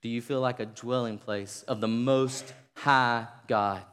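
A man preaching a sermon to a congregation, rising to fervent shouting and leading call-and-response. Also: mid-range voice, fairly even intonation, measured pace, clean tone. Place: church sanctuary. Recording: long reverb of a large hall.

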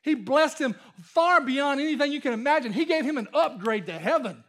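High-voiced man preaching a sermon. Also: lively intonation, a little fast, fairly bright tone. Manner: conversational preaching, repeats and restarts phrases, rising to emphatic. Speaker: pastor.

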